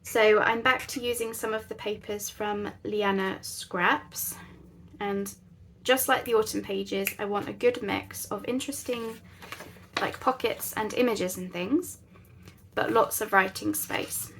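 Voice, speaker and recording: A woman's voice: mid-range voice, steady tone, a little slow, a bit bright, slight background noise. A woman hosting a casual craft tutorial, chatting in a rambling, self-deprecating way at her craft table at home. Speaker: crafting channel host.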